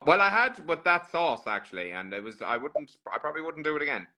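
A man's voice: on the high side, big pitch swings, quick pace, pushed and bright. An Irish man chatting as a guest on a live podcast, with dry, joking understatement. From Ireland. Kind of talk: casual chat on a live stream.

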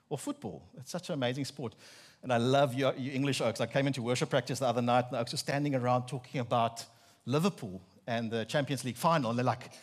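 A man in his thirties with a South African Afrikaans accent, an Afrikaans native speaker, preaching with humorous, animated storytelling and mock-incredulous asides. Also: mid-range voice, fast talker. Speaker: pastor. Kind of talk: sermon.

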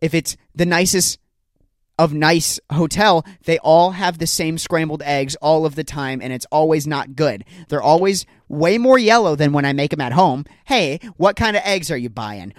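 A man's voice: a little high, lively intonation, normal speed, dry recording, studio quality. A young man hosting a solo podcast, ranting in an exasperated, jokey way. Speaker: podcast host. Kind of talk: solo comedic podcast rant. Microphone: home recording setup.

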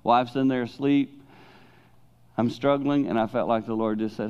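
A middle-aged man preaching a sermon in a church, speaking candidly and with lively energy. He tells his stories animatedly and jumps into high, excited bursts now and then. The recording sounds dull and lo-fi. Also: moderate pace, clean tone. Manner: candid, animated storytelling with sudden high-pitched outbursts.

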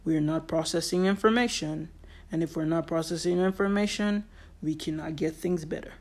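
An earnest solo podcaster talking straight to listeners about a point they care about. The delivery is emphatic and repeats key phrases to drive them home, with a middle-pitched voice that sits between typical male and female ranges. Quoted remarks are briefly acted out along the way. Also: a little mellow. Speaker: podcast host. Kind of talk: solo motivational podcast monologue.

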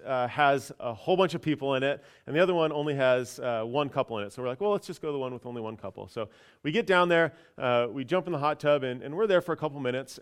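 Casual pastor guy telling a story from the pulpit, kinda high voice, lots of ums. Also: clear, resonant tone. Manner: casual, chatty storyteller with frequent fillers. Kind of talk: conversational sermon storytelling.

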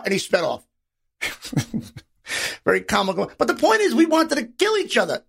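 A podcast host with a fairly quick, high-sitting voice and vocal fry tells stories in a casual monologue full of profanity. He animates the tale by acting out the voices of the people he quotes.

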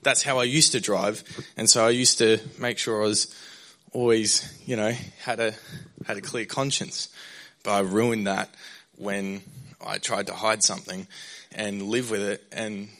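A man's voice: fairly low pitch, steady tone, measured pace, fairly bright tone. A young man, a pastor, sharing a candid personal testimony in a sermon, rambling with fillers and restarts.

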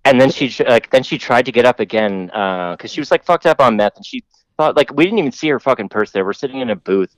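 Speaking fast and expressively in a mid-range voice, a man rambles through a long, profane story on his podcast, packed with fillers. There's no echo, though the recording quality is low.

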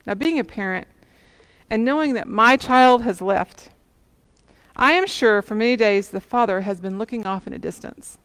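A woman preacher retells a parable at a mid-range pitch, steady and earnest, often turning questions to her listeners. Her voice carries a long hall reverb. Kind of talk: sermon.

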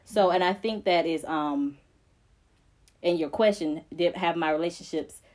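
A woman's voice: on the low side, unhurried, darkish tone. A woman co-hosting a faith podcast, speaking earnestly and emphatically, with repeated phrases that build like preaching. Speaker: podcast co-host.

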